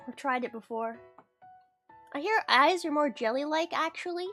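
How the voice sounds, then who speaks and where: Bright-voiced rambling streamer woman. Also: high voice, expressive, normal speed, soft background music. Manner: rambling, giggly, talks to chat. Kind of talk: casual livestream chat.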